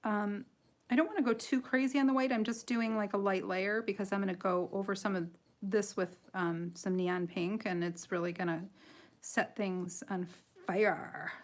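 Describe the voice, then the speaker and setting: A woman's voice: medium pitch, steady tone, moderate pace. A woman from Michigan with a slight nasal Michigan accent, chatting casually and giggling as she hosts a live coloring tutorial. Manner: chatty, giggly, self-deprecating, rambling. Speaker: livestream host and coloring artist.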